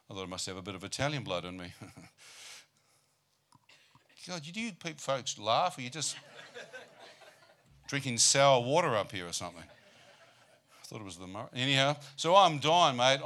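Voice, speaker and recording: A man preaching a storytelling sermon, his voice bright and forceful. He keeps throwing rhetorical questions at the congregation and slips dry jokes into his testimony. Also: medium pitch. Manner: humorous, asks the crowd rhetorical "how many know" questions.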